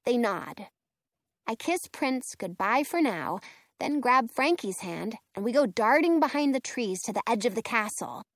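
Brief: woman reading a children's book aloud, lively and slow, dry close sound. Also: a little high, dry recording. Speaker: audiobook reader. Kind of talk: first-person storybook narration.

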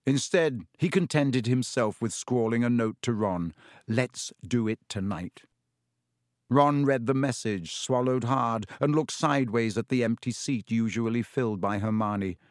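This audiobook narrator is male, with a medium-pitched voice and an even, deliberate storytelling style. The recording is dry and has clean studio sound.

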